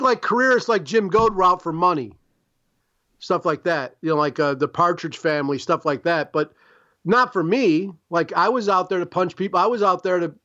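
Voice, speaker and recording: A man's voice: on the high side, fairly bright tone, dull audio. A man from Chicago, a guest on a podcast interview, talking in a rambling, emphatic and profane way. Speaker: guest artist.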